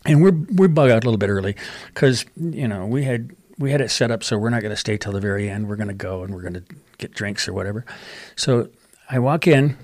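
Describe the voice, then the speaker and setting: A middle-aged man telling stories as a radio guest, animated, with restarts and a voice that jumps up when he gets excited. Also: fast talker, no room sound. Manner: animated anecdotal storyteller, restarts, rises in pitch when excited. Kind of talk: casual storytelling chat.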